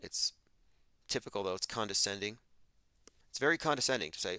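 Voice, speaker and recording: A man's voice: on the low side, animated, fairly quick, pushed and bright, smooth, no room sound. A man hosting a livestream, delivering an emphatic, argumentative monologue and reading out chat comments. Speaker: podcast host.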